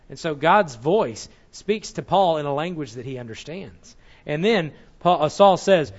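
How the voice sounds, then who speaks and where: Walking his audience through scripture in an explanatory sermon, this male Bible teacher sounds animated yet speaks a little slowly, now and then stopping mid-sentence to fix a slip. The pitch is slightly high, and the audio is muffled and lo-fi.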